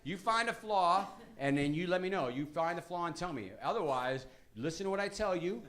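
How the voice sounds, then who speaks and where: A man's voice: high voice, animated, a little fast, a bit bright. A middle-aged man doing a stand-up comedy set on a club stage, talking emphatically and repeating "listen" to hold the crowd. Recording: live club with crowd laughter. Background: audience laughing and reacting.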